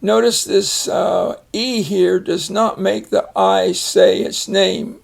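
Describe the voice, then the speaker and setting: Older male phonics tutor, gravelly fry, unhurried and patient. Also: high-pitched, very animated. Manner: slow, patient, explains word by word. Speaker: phonics teacher. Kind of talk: casual reading lesson.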